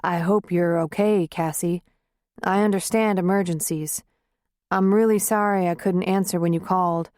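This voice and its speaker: A woman voicing a gentle, caring man who speaks softly and soothingly to his upset girlfriend in an audiobook. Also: lowish voice, fairly even intonation, no echo, clean studio sound, close to an everyday voice. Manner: soft, soothing, unhurried.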